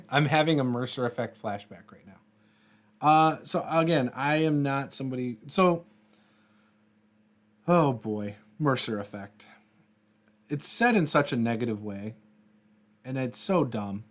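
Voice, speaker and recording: A man's voice: medium pitch, expressive, unhurried, pauses often. Laid-back man chatting on a livestream. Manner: rambling, laughs often, many fillers and restarts. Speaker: host of a tabletop RPG livestream. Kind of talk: casual livestream chat, reading viewer comments.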